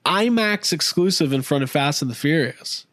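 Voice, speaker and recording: Male podcast host, lively self-deprecating storyteller, dry close-miked sound. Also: on the high side, moderate pace, dry recording. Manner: self-mocking, animated storytelling. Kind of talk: casual chat.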